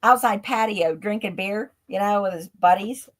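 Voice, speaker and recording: A woman talks over a live stream call, middle-pitched and chatty. She tells stories casually, leaning on "like" and laughing often as she goes. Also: normal speed. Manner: chatty, leans on filler "like". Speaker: guest, ghost tour guide. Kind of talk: casual storytelling in an interview. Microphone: remote live stream call.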